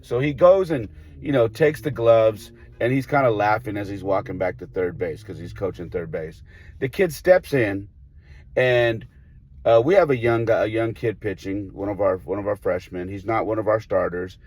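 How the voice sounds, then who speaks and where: A man, a baseball coach, telling a story in a casual podcast chat, animated and acting out the people in it. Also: on the low side, normal speed. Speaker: high school baseball coach.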